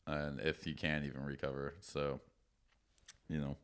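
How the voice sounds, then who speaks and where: A man's voice: a bass voice, flat delivery, measured pace, a bit bright, smooth. A man co-hosting a podcast, chatting casually and telling rambling stories, swearing often. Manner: rambling storyteller, swears a lot. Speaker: podcast co-host. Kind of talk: casual chat.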